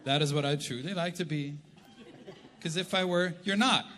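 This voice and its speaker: A middle-aged Canadian man preaching a humorous sermon, telling stories and acting out quotes with animated delivery. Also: a little high, moderate pace. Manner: animated, jokey, acts out quotes. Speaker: pastor. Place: large church hall. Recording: live church hall reverb.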